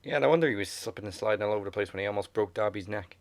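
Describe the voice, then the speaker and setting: A man's voice: on the low side, racing, no echo. A man co-hosting a wrestling podcast in an easygoing, offhand way, chuckling often. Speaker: podcast co-host. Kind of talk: casual podcast banter.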